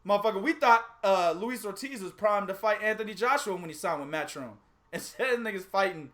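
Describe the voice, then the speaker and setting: Man hosting a boxing show, lively pitch, bright voice, profane, laughs a lot. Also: brisk. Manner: animated, profane, laughs often. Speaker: boxing podcast host. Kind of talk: casual chat.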